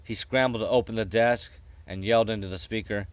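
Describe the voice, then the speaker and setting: A man reading his own story aloud in a plain, unhurried way with small stumbles. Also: fairly low pitch, fairly even intonation, no room sound. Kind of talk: casual audiobook reading.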